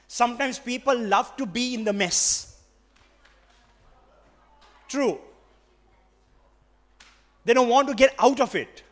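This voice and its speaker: A man with a Sri Lankan accent delivers a sermon in a notably high voice for a man. He presses his points hard and repeats them, slipping into Sinhala now and then. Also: takes it slowly, pauses often. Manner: emphatic and repetitive, switching between English and Sinhala. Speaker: preacher.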